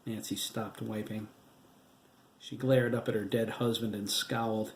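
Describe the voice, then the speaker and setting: A man reading his own novel aloud as the narrator, in a steady, measured way. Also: fairly low pitch, echoey room, slight background noise. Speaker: author and audiobook narrator. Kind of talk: audiobook narration.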